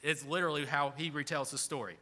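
Brief: male pastor, earnest sermon delivery, slightly high and bright. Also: steady tone, fast, long reverb tail. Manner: earnest, explanatory preaching.

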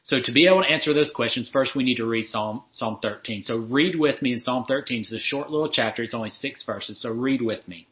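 A man's voice: mid-range voice, brisk, hardly any pauses. Earnest male preacher, slightly muffled. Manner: earnest, repeats words when restarting, rises when voicing prayers. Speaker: pastor. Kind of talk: sermon.

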